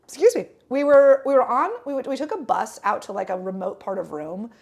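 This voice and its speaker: Young woman chatting on a podcast, kinda high voice with a gravelly fry, rambly and animated. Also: brisk. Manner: animated, rambling, many fillers and restarts. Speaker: podcast co-host. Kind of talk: casual chat storytelling.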